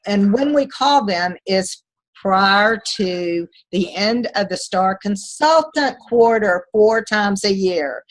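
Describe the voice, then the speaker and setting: A woman's voice: medium pitch, rough recording. A woman beauty consultant teaching a group, chatty and emphatic, repeating phrases to drive them home. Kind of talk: instructional talk to a group.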